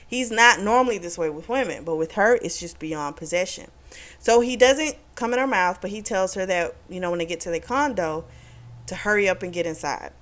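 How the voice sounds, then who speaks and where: A woman's voice: on the low side, a little fast, a bit bright. Frank, laughing woman recapping a book. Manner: frank and profane, laughing often. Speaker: book reviewer. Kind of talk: casual spoken book recap.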